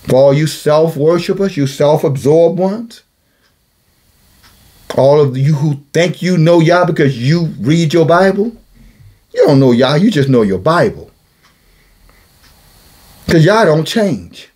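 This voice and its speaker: A man's voice: fairly high pitch, lively intonation, slow, long pauses, a little mellow, slightly rough. A man preaching a blunt, scolding sermon, calling himself a watchman and repeating phrases for emphasis. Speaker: self-styled watchman preacher. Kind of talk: rebuking sermon monologue.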